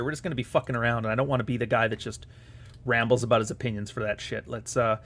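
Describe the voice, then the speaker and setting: A man's voice: medium pitch, animated, quick pace, a bit bright, a little hiss or hum. A man hosting a live stream, chatting casually in a profane, sarcastic and rambling way.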